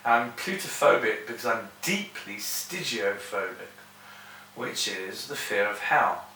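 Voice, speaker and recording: A man's voice: fairly low pitch, animated, takes it slowly, sharp tone. A man ranting in a sardonic, digressive monologue. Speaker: vlogger. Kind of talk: rambling monologue to camera. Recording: roomy room, distant mic, faint hiss.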